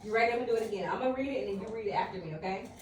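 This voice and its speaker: A woman's voice: a little high, very fast, darkish tone, slight background noise. A woman teaching young children punctuation, playful and encouraging. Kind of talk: classroom teaching. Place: classroom. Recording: roomy classroom from far off.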